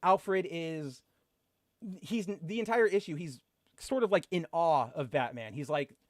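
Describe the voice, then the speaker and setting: Man, higher voice, excitable comic chat, lots of fillers, dry close mic. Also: a little slow, dry recording. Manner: excitable, filler-heavy, gushing. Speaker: podcast co-host. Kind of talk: casual comic book chat.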